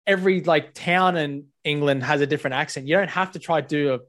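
A man's voice: a little high, quick pace, a bit bright. An Australian man co-hosting a podcast, chatting bluntly and swearing freely. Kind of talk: casual chat.

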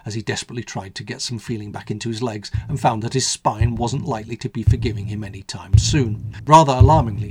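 A man from the United Kingdom, a radio host narrating a scripted story in a wry, measured way. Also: medium pitch.

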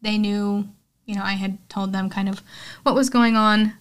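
A young woman hosts a casual film recap podcast at a medium pitch. She talks in a chatty, candid way and fills her sentences with "um" and "like". Her tone is heartfelt. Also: little pitch movement, normal speed, clean tone. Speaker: podcast host.

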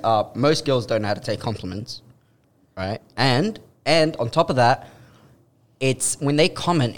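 Young male podcast co-host, relaxed storyteller, mid-pitched voice. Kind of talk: casual chat.

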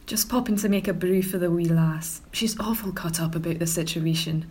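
A woman doing a husky old Scottish lady. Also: lowish voice, normal speed, warm tone. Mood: chatty. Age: older. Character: elderly Scottish woman, fussy and doting. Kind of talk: comedy audio drama acting.

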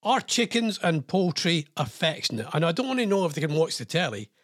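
A man's voice: a little high, sing-song, fairly quick, fairly bright tone, no room sound, studio quality. A man hosting a radio show, chatting casually in a rambling, self-deprecating way. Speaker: radio host.

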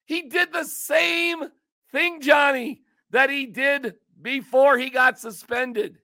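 A man hosts a sports podcast in a casual, emphatic rant. His voice sits high and sounds bright and forceful, animated and joking. The sound is dry and close-miked. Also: slow, gravelly, no echo.

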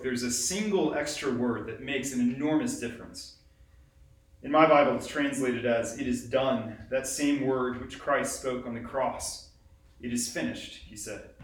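A man's voice: medium pitch, fairly bright tone. Man preaching in a roomy church. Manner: reflective, conversational preaching with pauses. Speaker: pastor. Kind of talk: sermon. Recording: roomy sound from a distant mic.

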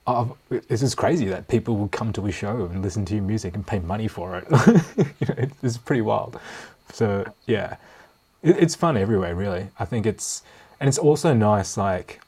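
Husky, laid-back man. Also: fairly low pitch, moderate pace. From Australia. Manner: relaxed, rambling, laughs often. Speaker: guitarist and producer, guest. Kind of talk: casual interview chat.

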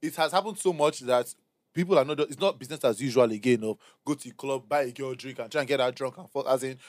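A young Nigerian man co-hosting a casual podcast chat, rapid and repeating words as he finds his point. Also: medium pitch, no echo. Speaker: podcast co-host.

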